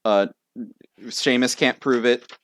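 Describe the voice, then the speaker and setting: A young man narrating as game master for a tabletop game, easygoing and chatty with plenty of fillers. His voice is mid-pitched and recorded close and dry, with no room sound. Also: slow, no echo. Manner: laughs often, relaxed and rambling with fillers. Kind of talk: running a tabletop game online.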